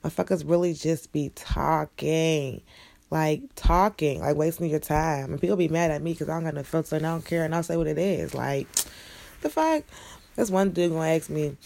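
A woman's voice: sits low, normal speed, vocal fry, dark tone. A young woman ranting bluntly and profanely in a casual monologue. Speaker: vlogger.

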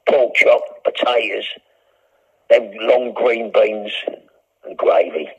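A man's voice: fairly low pitch, slow, creaky, husky. An older man, a prisoner ranting with heavy swearing in a recorded phone call. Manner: profane, ranting, aggrieved. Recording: muffled prison phone line.

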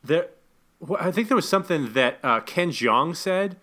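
A man co-hosting a casual movie-review podcast, animated and indignant, with many stumbling restarts. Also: fairly high pitch, normal speed. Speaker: podcast co-host.

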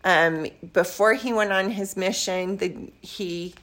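A woman's voice: medium pitch, slow. An older grandmother in a casual interview, telling stories from her youth and acting out bits of dialogue. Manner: lively storyteller who acts out quoted dialogue.

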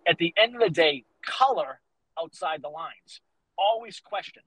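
A man in his fifties with a Boston accent, a fitness coach talking on a podcast, animated and motivational, acting out quoted lines as he tells stories. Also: fairly high pitch, moderate pace, husky, dry recording, poor audio. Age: 50s. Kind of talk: casual podcast conversation.

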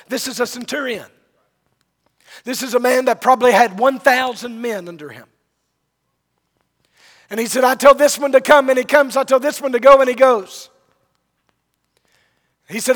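A man preaching in a large hall, with a voice pitched very high for a man. He tells the story with drama and acts out each speaker in turn. A long reverb trails every phrase. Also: moderate pace, pauses often, a bit bright. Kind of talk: sermon.

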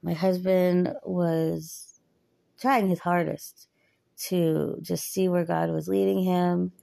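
A woman's voice: on the low side, flat delivery, slow, vocal fry, warm tone, no echo. A woman in her thirties talking earnestly and chattily about faith and waiting, often laughing. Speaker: podcaster. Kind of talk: personal faith talk.

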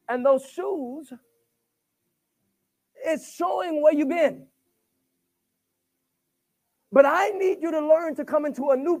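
A man preaching a sermon. He swings between shouted bursts and hushed asides, stuttering on repeated words and calling for replies. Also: extremely high pitch.

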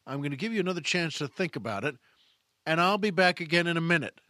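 A man's voice: fairly high pitch, animated, fast talker, pushed and bright, no echo. A man voicing an irritated young waitress who grows more and more fed up. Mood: scolding. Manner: huffy, losing patience.

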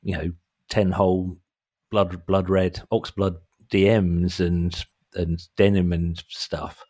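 A man's voice: low voice, flat delivery, slow pace, a little mellow. A man in his forties co-hosting a podcast, chatting casually and rambling, self-deprecating, now and then slipping into mock voices. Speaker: podcast co-host. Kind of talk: casual chat. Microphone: headphones, home mic.

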